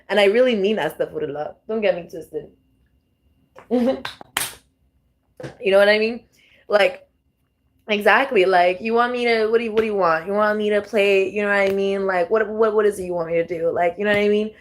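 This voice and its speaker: A woman's voice: mid-range voice, moderate pace, slight background noise. A young adult woman doing a casual tarot reading vlog, talking straight to her viewers, swearing freely and laughing often. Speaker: tarot reader.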